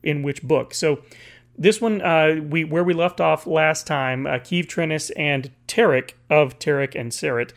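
A man casually recapping a comic book issue, reading its dialogue aloud in a halting way with many fillers and restarts. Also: on the high side, creaky.

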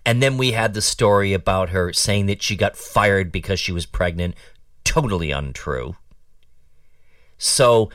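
A man's voice: low voice, a little slow, fairly bright tone, no room sound, clean studio sound, distant mic. A man hosting a talk show and giving opinionated political commentary in a sarcastic, mocking, rambling way.

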